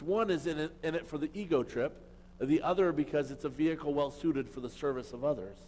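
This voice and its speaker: A man preaching a sermon as a pastor, emphatic and full of rhetorical questions, swinging between loud and quiet. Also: on the high side, quick pace. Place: church hall. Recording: long hall reverb.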